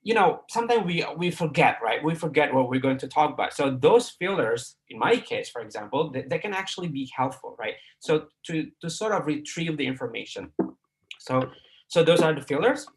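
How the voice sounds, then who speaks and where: A man's voice: a little high, sing-song, moderate pace. A middle-aged man from Indonesia with an Indonesian accent, giving a live online English class, full of fillers and repeated words, often checking with "right?".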